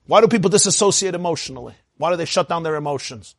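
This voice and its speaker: A man giving an animated lecture on Hasidic teaching as a Torah teacher, firing rhetorical questions and often laughing. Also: sits high, moderate pace, dry recording, clean studio sound.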